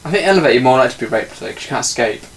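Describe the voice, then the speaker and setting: A man co-hosts a casual podcast. He is giggly and playful, and his pitch swings around a lot as he talks. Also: racing. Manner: giggly, animated. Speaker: podcast co-host.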